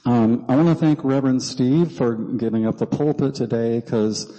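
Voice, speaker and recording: A man's voice: mid-range voice, fairly even intonation, moderate pace, mellow. Southern man speaking from a pulpit. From South Carolina. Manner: chatty, many ums, self-deprecating jokes. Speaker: guest speaker. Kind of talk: humorous talk from the pulpit. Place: church sanctuary. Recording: long hall reverb.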